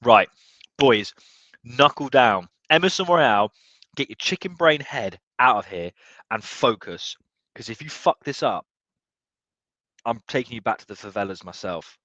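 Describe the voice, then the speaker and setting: A young man watching a football match live, tipsy, swearing and swinging from low muttering to excited yelling. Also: measured pace, pauses often, dry recording, dull audio. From United Kingdom. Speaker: football fan streamer.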